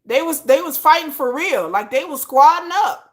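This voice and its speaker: A woman vlogger chatting casually about pop music in a slangy, animated way, full of asides. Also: high-pitched, normal speed.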